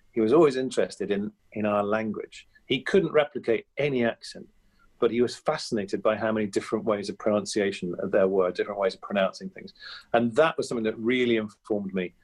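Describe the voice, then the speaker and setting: Brief: male, fifties, lower pitch, relaxed anecdotal interview guest who talks through hesitations. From England. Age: 50s. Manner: chatty and anecdotal, with many fillers and restarts. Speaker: guest comedian and impressionist. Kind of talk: reflective interview talk.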